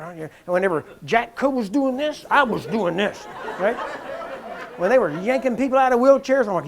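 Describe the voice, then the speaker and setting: Animated, laughing storytelling preacher. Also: male voice, sits high, moderate pace, gravelly, a crowd in the background, background noise. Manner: animated, laughs while telling stories, acts out the people he describes; grows louder and more excited as the story builds. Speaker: preacher teaching on healing. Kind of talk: storytelling sermon talk.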